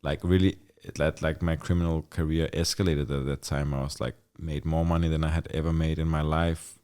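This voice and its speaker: Very deep-voiced man telling his story. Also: level tone, fairly quick, darkish tone, smooth. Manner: loose and candid, with lots of "like" and frequent swearing. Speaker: podcast guest. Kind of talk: casual storytelling in a conversation.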